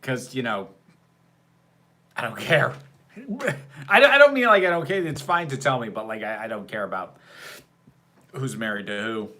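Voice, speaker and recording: A man giving casual livestream commentary on a movie, full of sarcasm and quick laughs. His voice swings freely up and down, and it has a bright, forward edge. He takes his time, answering viewers' questions in an unhurried drawl. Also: on the low side, lively intonation. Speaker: livestream host reacting to a film.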